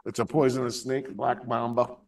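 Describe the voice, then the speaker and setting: A man's voice: medium pitch, flat delivery, moderate pace, creaky, a little mellow. Rambling New man, distant mic. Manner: rambling storyteller, heavy swearing, laughs a lot. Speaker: podcast host. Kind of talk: casual stoner chat with friends.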